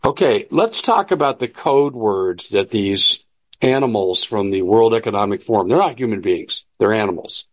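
A man's voice: on the low side, animated, moderate pace. A man hosting political commentary, talking in an emphatic, preachy and combative way. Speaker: host.

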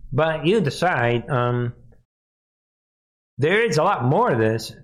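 A man's voice: fairly high pitch, animated, takes it slowly. Mocking male commentary host. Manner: mocking, laughing often, addresses viewers. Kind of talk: live news commentary.

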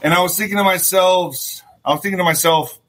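A middle-aged man hosting a livestream, ranting about politics in a profane, animated way, talking straight to his viewers and acting out little scenes in voices. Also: high voice, fairly quick. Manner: talks to viewers directly, asks for thumbs up. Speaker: political commentary host.

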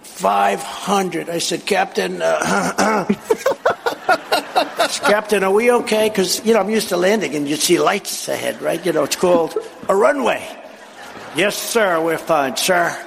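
Male speaker, somewhat high, gravelly voice, digressive boastful anecdotes with acted-out quotes. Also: expressive, a little slow, background noise. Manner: boastful, digressive storyteller acting out quoted dialogue. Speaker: political speaker at a live event. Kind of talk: rambling anecdotal speech.

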